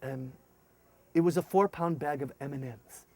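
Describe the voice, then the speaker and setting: A man's voice: fairly high pitch, normal speed, gravelly. A middle-aged man, a former paratrooper officer telling his story and acting out dialogue. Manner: animated, acts out dialogue in raised voices. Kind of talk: storytelling testimony.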